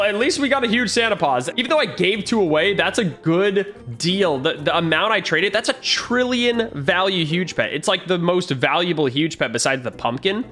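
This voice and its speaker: Animated, bright-voiced gaming commentator man. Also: sits high. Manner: chatty, thinks aloud while tallying trade values; talks straight to viewers. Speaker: gaming YouTuber. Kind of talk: casual gameplay commentary.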